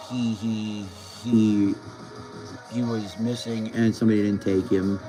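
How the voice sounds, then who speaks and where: A vlogger talks casually to camera, rambling, stumbling, repeating words and swearing along the way. His voice sits on the low side with a dark tone and flat, unhurried delivery. The recording is low quality, with faint music in the background.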